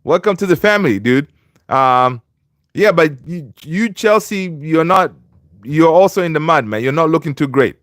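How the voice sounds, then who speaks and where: A man's voice: a little high, animated, moderate pace, a bit bright, no echo, clean studio sound. A man hosting a football fan livestream in a loose, chatty way, reading viewer comments aloud and greeting viewers by name. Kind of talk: casual livestream chat.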